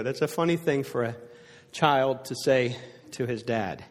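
Earnest older pastor in an echoing hall. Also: male voice, mid-range voice, normal speed. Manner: earnest storytelling, dropping to a hushed voice for sad points. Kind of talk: sermon. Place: church sanctuary before a congregation. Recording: echoey hall reverb.

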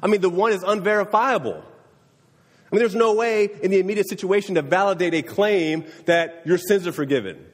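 A man's voice: sits high, moderate pace, big-room sound. A man preaching a sermon in a conversational way, often checking in with his listeners. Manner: conversational, often asking "right?". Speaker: pastor.

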